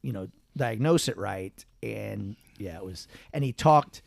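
Middle-aged man, gravelly and animated, for rambling family anecdotes with self-corrections. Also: lowish voice, measured pace, dry recording, studio quality. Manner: rambling, self-correcting, laughs between stories. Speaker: family member recalling childhood. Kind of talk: casual family chat.

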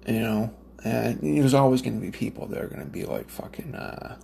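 A storytelling smoker from Nova Scotia, Canada, rants in a casual, profane monologue that rambles along with plenty of fillers and restarts. His mid-range voice is creaky and a little mellow, with lively intonation at a normal speed. There's slight background noise.

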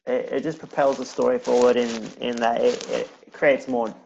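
A man co-hosting a podcast in casual chat, talking in a soft, halting way. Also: medium pitch, flat delivery, gravelly. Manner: hesitant, halting, soft-spoken. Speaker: podcast co-host. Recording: dull lo-fi mic with faint noise.

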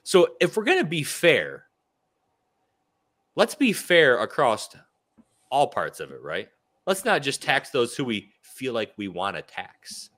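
A man's voice: mid-range voice, huge pitch swings, unhurried, fairly bright tone. A man co-hosting a political talk show, ranting with indignant sarcasm.

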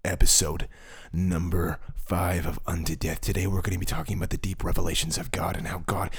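A young man with a fairly low-pitched voice hosts a casual podcast. He jokes and teases his co-host, and he slips into mock prayers and fits of laughter. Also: level tone, a little fast, vocal fry, husky. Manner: joking, mock-whispered prayers, bursts into laughter.

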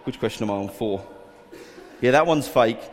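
A man's voice: mid-range voice, normal speed. A man leading a quiz for children in a school hall, coaxing volunteers and reading headlines aloud in an upbeat way. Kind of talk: addressing a room of children. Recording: echoey hall reverb.

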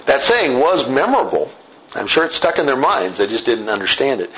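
A man giving an expository Bible lesson in a relaxed, conversational manner, breaking off for quick asides and correcting himself as he goes. His voice sits at an ordinary middle pitch. The recording is a little dull, with a faint hiss underneath. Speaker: Bible teacher.

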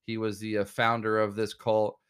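Smooth-voiced young male podcast host. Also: on the low side, monotone, a bit bright. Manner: laid-back, joking, halting with fillers. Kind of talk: casual podcast chat.

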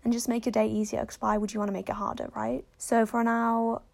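A woman's voice: medium pitch, flat delivery, rapid-fire, creaky, a little mellow. A young woman hosting a podcast, chatting in a frank, rambling way. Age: young adult. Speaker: podcast host. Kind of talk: casual chat.

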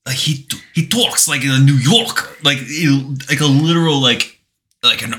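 A man co-hosting a casual podcast, chatting and joking in a relaxed way. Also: mid-range voice, normal speed. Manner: relaxed, joking back-and-forth. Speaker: podcast co-host. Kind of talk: casual chat.

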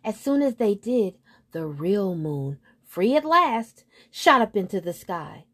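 A woman storyteller reading a fairy tale aloud in a gentle, soothing manner. She takes her time, with an unhurried, measured pace. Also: mid-range voice, sing-song, breathy edge.

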